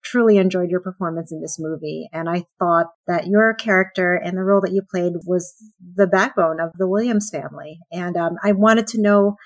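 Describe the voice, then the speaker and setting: Woman interviewer, mid-pitched, courteous and measured, dry recording. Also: dry recording. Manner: polite, complimentary, careful questioning. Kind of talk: interview questions.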